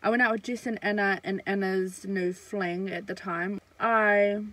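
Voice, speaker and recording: A woman's voice: mid-range voice, fairly even intonation, measured pace, a bit bright, no echo, poor audio. Chatty young woman telling a story. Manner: chatty, full of fillers and swearing. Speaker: vlogger. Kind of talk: casual storytime chat.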